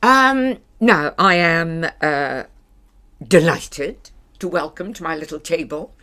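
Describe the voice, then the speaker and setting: A woman's voice: sits low, expressive, takes it slowly, pushed and bright. Blunt older Scottish woman hosting a chat. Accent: Scottish, Paisley. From Scotland. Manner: blunt, teasing. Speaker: podcast host. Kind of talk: casual chat.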